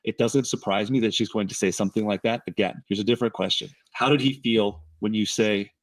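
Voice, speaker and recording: A man's voice: on the low side, fairly even intonation, fast, no echo. A man breaking down a speaker's wording point by point while reviewing video clips on a livestream. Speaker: statement analyst.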